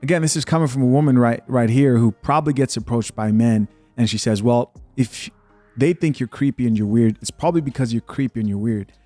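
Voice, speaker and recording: A man's voice: mid-range voice, fairly quick, dark tone, no room sound, faint music behind. Blunt opinionated male podcast host. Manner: blunt, opinionated, casual with asides. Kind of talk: commentary on video clips and comments.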